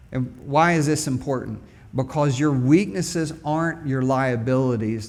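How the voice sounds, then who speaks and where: A male pastor preaching an animated, conversational sermon with call-and-response to his church. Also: mid-range voice, measured pace, few pauses. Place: church sanctuary.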